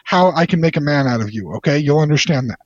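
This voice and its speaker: A man's voice: fairly high pitch, lively intonation, quick pace, dry recording. A man chatting casually about movies, enthusiastic and rambling, with playful teasing. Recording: slightly dull lo-fi sound.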